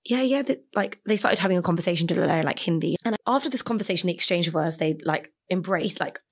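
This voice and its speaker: A woman from Britain, a podcast guest, telling a story in a chatty, animated way with many "like" fillers. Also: lowish voice, fast. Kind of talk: casual storytelling interview.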